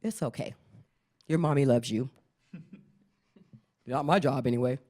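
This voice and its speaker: A middle-aged woman performing a stand-up comedy set, often jumping into squeaky acted-out voices. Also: a little slow, warm tone.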